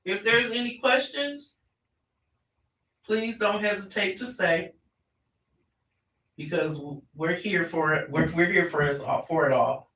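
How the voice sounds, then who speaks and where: High-voiced man teaching in an echoey room. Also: measured pace, pauses often, pushed and bright. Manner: conversational, frequent restarts. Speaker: parenting workshop presenter. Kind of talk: online class presentation. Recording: roomy, distant mic.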